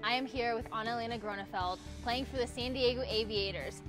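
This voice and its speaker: A woman running a playful quick-fire interview, cheerful and quick to laugh. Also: a little high, over music.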